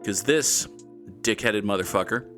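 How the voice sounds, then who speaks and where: A man's voice: fairly low pitch, normal speed, a bit bright, soft background music. A man casually commenting while he plays a guessing game, rambling and joking to himself and swearing now and then. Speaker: gaming YouTuber.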